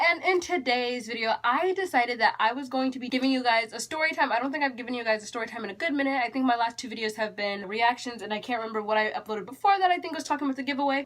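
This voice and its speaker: A teenage girl from Texas telling a storytime vlog in an animated, chatty, exasperated way. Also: on the high side. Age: teens. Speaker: YouTuber.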